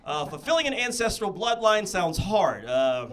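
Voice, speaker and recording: Lively, high-voiced man doing stand-up. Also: normal speed, crowd noise. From American Midwest. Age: 30s. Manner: animated, bursts into shouted impressions and laughs at his own jokes. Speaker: stand-up comedian. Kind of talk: stand-up comedy set. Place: comedy theatre stage.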